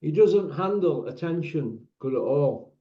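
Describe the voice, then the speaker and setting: A man's voice: on the high side, animated, unhurried. A man hosting a casual chat, full of teasing, laddish banter. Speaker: host. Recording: roomy, dull lo-fi sound.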